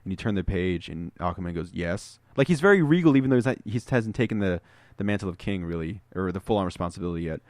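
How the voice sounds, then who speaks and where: A man co-hosting a podcast, retelling comic book scenes as an animated storyteller in casual chat. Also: sits low, very fast, no echo. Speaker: podcast co-host.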